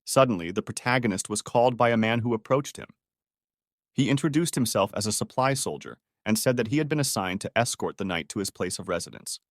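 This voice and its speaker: A man narrating a comic story recap in a steady, even reading of reported speech. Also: fairly low pitch, brisk, dry recording, studio quality.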